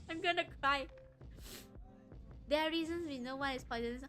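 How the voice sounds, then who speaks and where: A woman streamer reading horror stories aloud and chatting to her viewers between passages, giggly and quick to apologize. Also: high voice, bright, forceful tone, poor audio. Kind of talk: reading stories aloud with live chat asides.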